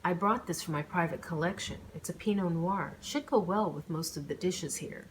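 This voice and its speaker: A smooth, self-assured young man who tries to steer the evening, as a woman reading an audiobook voices him. His lines are calm but pointed, with a guarded edge. He stays controlling and a little cagey. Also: fairly low pitch, moderate pace, slight background noise, lightly acted, rough recording. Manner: smooth, presumptuous.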